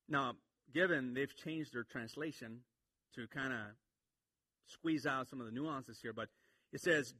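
A man preaching a sermon, swinging from quiet explanation to emphatic points. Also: medium pitch, animated, normal speed, breathy edge, no room sound. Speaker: pastor.

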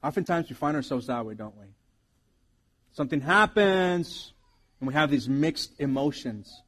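A man's voice: a little high, animated, normal speed, fairly bright tone. A man preaching a sermon as pastor, earnest and reflective, often restarting his sentences.

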